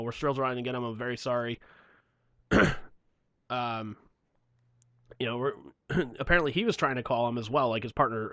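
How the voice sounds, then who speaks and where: A man co-hosting a casual podcast chat, laughing often, clearing his throat and trailing off as he reads. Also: medium pitch, a bit bright, no echo. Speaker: podcast co-host.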